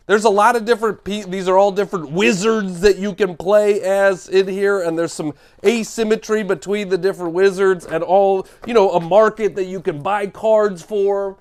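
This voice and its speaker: A man hosting a comedic board game unboxing, talking in an animated, jokey way and exclaiming over each component. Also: sits high, normal speed, hardly any pauses.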